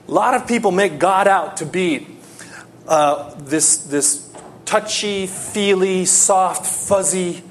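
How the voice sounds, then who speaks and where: A man preaching a sermon, telling a personal story and swinging between loud pleading and hushed tones. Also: fairly high pitch, a little hiss or hum.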